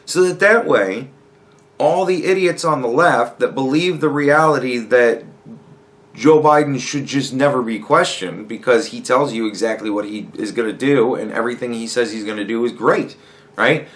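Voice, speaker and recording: A man's voice: mid-range voice, normal speed, fairly bright tone. A man hosting a podcast, ranting casually and sarcastically with heavy swearing and mocking quoted voices. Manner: profane, sarcastic, mocking impressions. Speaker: podcast host. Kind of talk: casual political rant.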